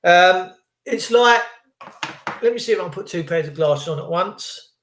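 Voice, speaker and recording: A man rambles to his live viewers in a jokey, conspiratorial tone, often drifting off topic. His voice sits rather high for a man. The sound rings around an echoey room at home. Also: normal speed, fairly bright tone. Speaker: livestream vlogger. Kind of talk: rambling live-stream monologue.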